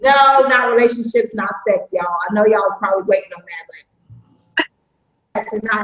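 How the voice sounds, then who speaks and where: A woman's voice: medium pitch, normal speed, long pauses, fairly bright tone. A woman hosting a live stream, chatting in an upbeat, folksy way and greeting viewers. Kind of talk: casual live-stream chat. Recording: echoey, muffled live stream audio.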